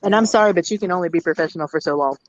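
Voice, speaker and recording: A woman's voice: lowish voice, racing, dry recording, lo-fi sound. Blunt woman telling a profane story. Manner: blunt, profane, animated retelling. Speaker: hotel district manager. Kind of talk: casual storytelling rant.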